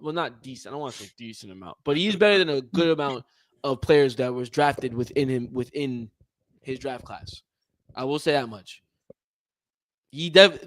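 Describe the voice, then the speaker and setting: Excitable guy with a high voice arguing sports on a podcast, keeps saying no no no. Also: no echo. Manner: animated, emphatic, lots of repeats and laughter. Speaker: podcast co-host. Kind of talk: casual sports chat.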